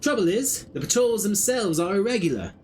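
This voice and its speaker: A man voicing a rough-spoken older male schemer with a folksy, put-on rustic drawl. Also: sits high, expressive, moderate pace, darkish tone, slight background noise, voice pushed up. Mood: scheming.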